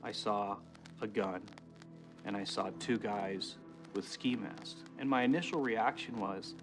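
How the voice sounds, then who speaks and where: A man in his twenties giving halting, reflective testimony about surviving a robbery, in a documentary interview. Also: on the low side, over music, rough recording. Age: 20s. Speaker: survivor telling his story.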